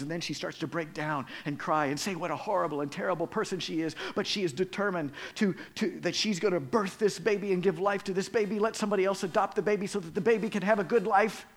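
A man preaching a sermon, swinging between loud emphatic lines and quiet, soft ones. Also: sits high, fast, few pauses. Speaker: pastor.

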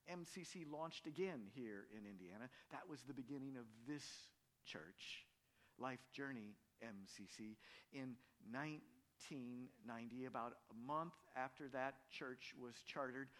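Bright, forceful male pastor preaching. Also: mid-range voice. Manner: earnest storytelling preaching. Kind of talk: sermon.

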